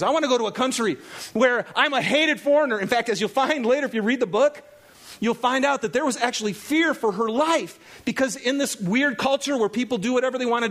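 A man preaching a lively sermon, laughing often and acting out the people in the story. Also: very high voice. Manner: animated, laughing, acts out quoted characters. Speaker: pastor.

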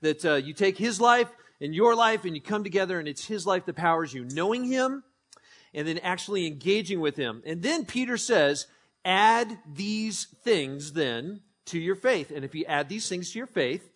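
A man preaching a sermon as pastor, conversational and joking, telling animated stories. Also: high voice, normal speed.

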